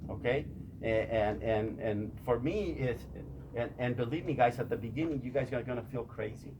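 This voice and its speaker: A man's voice: mid-range voice, moderate pace, background noise. A man giving a repetitive motivational talk to a group, often stammering as he restarts his sentences. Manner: repetitive, addresses listeners as "you guys". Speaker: motivational speaker.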